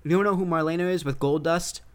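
Eager, argumentative man, higher voice. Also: quick pace, clean tone. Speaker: podcast co-host. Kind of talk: casual chat.

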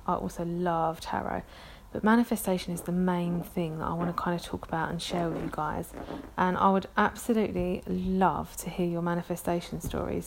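A woman's voice: on the low side, slight background noise. A woman in her thirties with a London accent, chatting casually on her own podcast, rambling and self-deprecating with many ums. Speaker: podcast host. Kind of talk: casual solo podcast chat.

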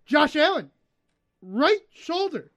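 A male podcast host in casual chat, playfully reading lists in a slow, drawn-out announcer cadence from his own room on a call. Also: very high-pitched, big pitch swings, a bit bright, dry recording, studio quality.

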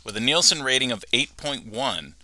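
A man's voice: mid-range voice, lively intonation, moderate pace, pushed and bright, a little hiss or hum. A man co-hosting a podcast, joking casually and reading out episode facts. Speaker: podcast co-host. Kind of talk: casual chat.

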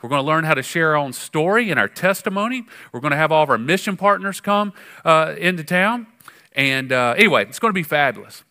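A pastor preaching in a conversational, animated way, his voice bright and forceful and pitched a little high. He leans on fillers and restarts, then surges up in sudden bursts of emphasis. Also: a little fast. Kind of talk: sermon.

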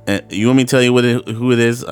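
A man's voice: medium pitch, steady tone, a little fast, clean tone. A man hosting a solo podcast, rambling and swearing with frequent laughs, slipping into voices when he quotes people. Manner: rambling, profane, laughs often; acts out voices in quoted dialogue. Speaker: podcast host. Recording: faint guitar music in background.

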